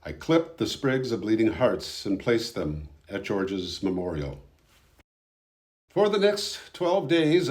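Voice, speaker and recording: A man narrating his own documentary footage in a calm, measured, subdued voice-over. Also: lowish voice.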